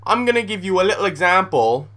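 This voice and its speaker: Excitable young gamer, bright voice. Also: male voice, high-pitched, fast. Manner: blunt, excitable, swears freely. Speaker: gaming YouTuber. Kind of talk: casual gameplay commentary.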